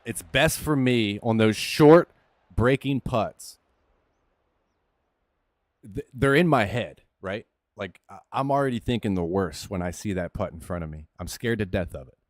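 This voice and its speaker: A man's voice: medium pitch, lively intonation, measured pace, no echo. A man streaming a golf video game, talking through his shots in casual commentary, candid and coaching himself, swearing now and then. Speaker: gaming streamer. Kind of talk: casual commentary while playing.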